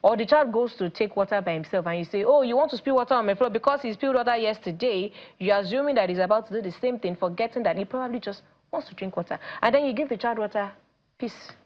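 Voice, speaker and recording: Nigerian woman, parenting coach on a talk show, animated, quotes people in voices, a bit dull sound. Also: medium pitch, quick pace. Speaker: teen coach guest. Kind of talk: studio talk show conversation.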